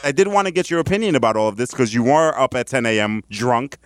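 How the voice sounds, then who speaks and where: A man co-hosting a casual comedy podcast, excitable and profane, swinging between serious talk and jokes. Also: mid-range voice, fast talker, clean tone, dry recording. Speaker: podcast co-host.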